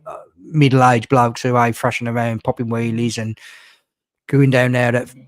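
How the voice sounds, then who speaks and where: A man's voice: medium pitch, flat delivery, moderate pace, no room sound, clean studio sound. A man hosting a casual podcast chat, rambling with lots of fillers and acting out what others said. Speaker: podcast host.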